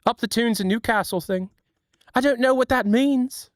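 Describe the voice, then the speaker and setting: A man's voice: extremely high pitch, normal speed, dry recording, studio quality. A young man from Ohio, chatting on a livestream in a rambling, self-deprecating way. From Ohio, USA. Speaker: streamer. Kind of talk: casual livestream chat.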